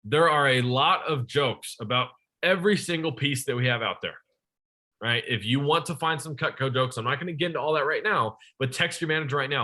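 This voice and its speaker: A young man leads a sales training session with a bright, forceful voice. He talks to the room directly, firing questions at his listeners and keeping the energy up. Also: medium pitch, brisk. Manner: energetic, addresses the audience directly.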